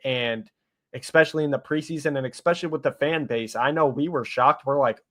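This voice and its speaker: Male fan-show co-host, mid-pitched, loose and chatty, lots of restarts. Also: brisk, fairly bright tone. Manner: conversational, frequent restarts and "um"s. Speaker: podcast co-host. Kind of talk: casual sports talk.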